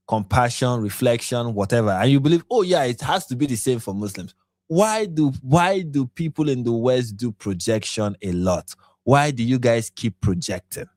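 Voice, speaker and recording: A man's voice: mid-range voice, darkish tone, no echo. A man from Nigeria hosting a late-night commentary livestream, tired and yawning, pressing his points with repeated rhetorical questions. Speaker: livestream host.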